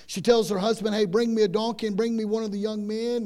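A man preaches a sermon, retelling a story with dramatic swings between loud and hushed and often repeating words. His voice is high-pitched with little pitch movement, and he talks fast with hardly any pauses.

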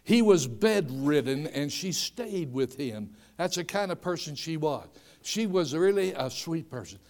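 An older man preaching a sermon, telling homespun stories and rising from quiet asides to shouted emphasis. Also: a little high, animated, measured pace. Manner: storytelling, swings from soft asides to shouted emphasis.

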